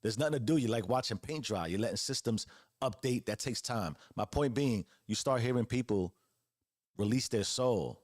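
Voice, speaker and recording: A man's voice: mid-range voice, lively intonation, normal speed, dry recording, studio quality. A man in his forties giving an earnest motivational monologue as host, preaching with casual slang and repeated phrases. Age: 40s. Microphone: close podcast mic.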